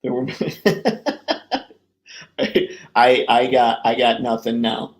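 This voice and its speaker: A man's voice: mid-range voice, monotone, slow pace. A man hosting a live stream about toy collecting, talking casually with viewers in an upbeat, jokey way.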